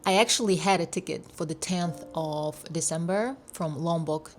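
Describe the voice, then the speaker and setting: A woman's voice: fairly low pitch, moderate pace, slight background noise. Chatty woman vlogger telling a travel story. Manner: animated, acts out voices of people she met. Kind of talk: casual storytelling vlog.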